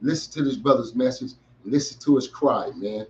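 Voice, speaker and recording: A man's voice: medium pitch, moderate pace, highs cut off. A middle-aged man hosting a podcast, giving an emphatic motivational talk to young listeners in heavy street slang. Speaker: podcast host.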